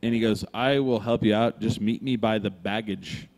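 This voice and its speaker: A man's voice: fairly low pitch, moderate pace. A man recorded live in a brewery room with long reverb trailing his voice. He tells a rambling story casually, swearing freely and putting on the other people's lines as he goes. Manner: animated, swears freely, acts out quoted voices. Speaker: podcast co-host telling a story.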